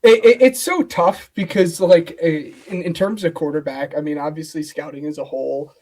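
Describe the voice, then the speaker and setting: A man's voice: on the high side, normal speed, darkish tone. A man co-hosting a football podcast in casual chat, hesitant and full of fillers. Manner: hesitant, lots of "like" and "um". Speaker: co-host.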